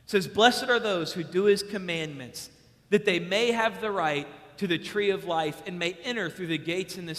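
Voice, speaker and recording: A young man preaching a sermon to youth, emphatic and repetitive, acting out stories with sudden loud excitement. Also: sits high. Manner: emphatic, repeats key lines. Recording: long hall reverb.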